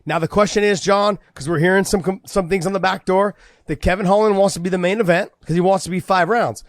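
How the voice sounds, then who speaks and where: A man and former fighter co-hosting a casual podcast, excited and talking fast, acting out quoted lines. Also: high voice, no echo, studio quality.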